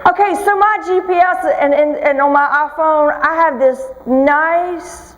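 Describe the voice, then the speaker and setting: A woman's voice: high-pitched, unhurried. A woman giving a motivational talk on stage, telling stories with humor and teasing her audience. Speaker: motivational speaker. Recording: long reverb of a large hall.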